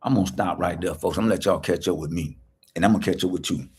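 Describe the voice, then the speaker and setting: Husky-voiced man giving a motivational talk. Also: sits low, fast talker, a little mellow. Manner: preachy, repeats key lines, asks rhetorical questions; speaks straight to viewers, greeting them by name. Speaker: life coach.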